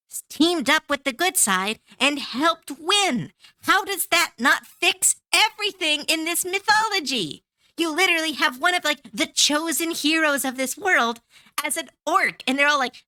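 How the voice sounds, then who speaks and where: A woman's voice: sits high, animated, unhurried, bright, forceful tone, no echo, studio quality. A woman streamer chatting casually while she draws, ranting heatedly and swearing freely. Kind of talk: casual livestream chat while drawing. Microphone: close to a desk mic.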